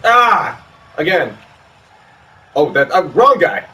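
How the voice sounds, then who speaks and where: A man's voice: a little high, big pitch swings, slow pace, pushed and bright, recorded from a distance, rough recording. A man co-hosting a hockey video game session, chatting easygoing about the game. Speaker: co-host and player. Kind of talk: casual gameplay commentary.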